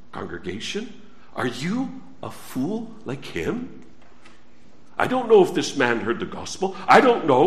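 A man pastor preaching a sermon to his congregation, asking rhetorical questions and swinging from soft to loud. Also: sits high, roomy sound.

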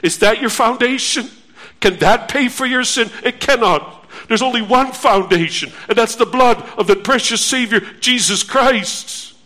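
High-voiced, slow, pleading preacher man. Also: pushed and bright. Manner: earnest, pleading, repeats phrases for emphasis. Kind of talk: sermon.

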